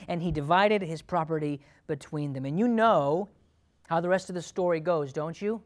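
A man's voice: on the high side, fairly quick. Conversational man preaching a sermon. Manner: conversational, asks the congregation questions; acts out inner thoughts and prayers aloud. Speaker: pastor.

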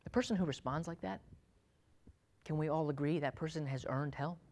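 A male pastor preaches at a moderate pace to his church. He swings between loud, urgent pleading and quiet, low, earnest asides.

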